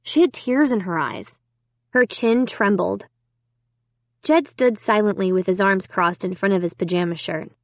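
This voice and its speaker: A woman's voice: medium pitch, no echo. A woman reading a children's horror novel aloud in first person. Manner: slow, expressive first-person narration. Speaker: audiobook narrator. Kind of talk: audiobook reading.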